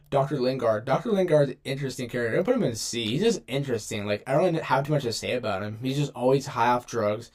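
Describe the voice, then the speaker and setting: Fast and slightly dark in tone, a medium-pitched male voice runs through a casual tier list of game characters. The young video creator rambles, speaks in slang, and frequently cuts himself short.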